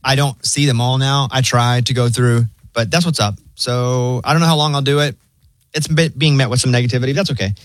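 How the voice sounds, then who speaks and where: A man hosting a radio show from a studio, recorded close and dry with no room sound. He tells stories in a relaxed, casual way, with a dry, understated delivery and a mid-pitched voice. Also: brisk, dry recording. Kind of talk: casual morning show banter. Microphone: studio microphone.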